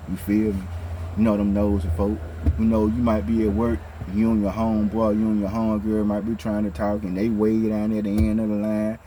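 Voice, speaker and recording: A man telling a story casually to his viewers, with a slightly scratchy throat from a cold, chatty and animated, often checking in with his listeners. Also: fairly low pitch. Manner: animated when retelling events. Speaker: vlogger.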